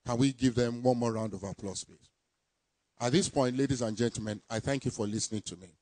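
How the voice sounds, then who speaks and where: A man giving a formal ceremony speech, deliberately reading out names and titles. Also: mid-range voice, fairly even intonation, darkish tone, dry recording. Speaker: permanent secretary presenting a project team.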